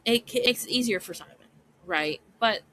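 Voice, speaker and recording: A woman's voice: fairly high pitch, expressive, moderate pace, pushed and bright, slight background noise, poor audio. A woman podcast host recapping a story in casual commentary, chatty and often checking in with "right?".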